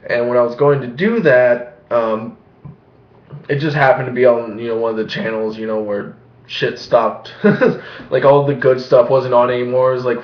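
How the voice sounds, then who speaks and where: A young man rambling casually and profanely in a home vlog, laughing often and mocking what he heard. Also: mid-range voice. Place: small room at home. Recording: echoey room, dull lo-fi sound.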